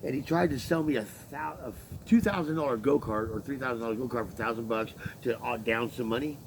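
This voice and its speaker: Gravelly-voiced man venting, profane and rambling. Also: mid-range voice, fast talker, a little hiss or hum, low-quality recording. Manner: profane, rambling, acts out quoted exchanges. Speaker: laborer telling his story. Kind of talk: casual venting story.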